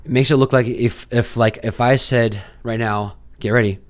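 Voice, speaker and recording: A young man teaching a weekly Bible portion in a relaxed, conversational way, full of fillers and restarts, acting out mock exchanges. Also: medium pitch, normal speed. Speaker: Torah teacher.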